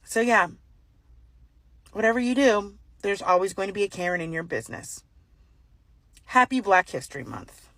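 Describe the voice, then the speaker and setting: A woman telling a personal story in casual chat, acting out the voices of the people in it with big jumps in pitch. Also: moderate pace, long pauses, dry recording. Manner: animated, acts out dialogue with exaggerated pitch jumps. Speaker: storyteller recounting a personal encounter.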